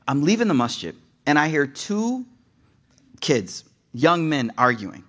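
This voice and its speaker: A young man giving a casual sermon, an animated, digressive storyteller who talks straight to the audience. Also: fairly high pitch, a little slow. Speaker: preacher.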